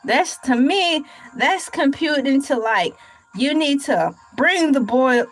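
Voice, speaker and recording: A woman's voice: sits high, animated, soft background music, poor audio. A woman hosting a casual livestream, reading a recipe aloud and riffing on it with playful, rambling jokes. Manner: playful, rambling, jokey asides; reads aloud slowly, then riffs on it. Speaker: livestream host.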